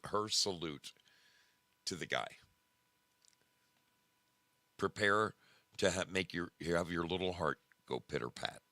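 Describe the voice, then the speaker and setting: A man hosting a casual livestream, animated and emphatic, often repeating himself. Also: deep voice, a little slow, pauses often, no echo. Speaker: show host.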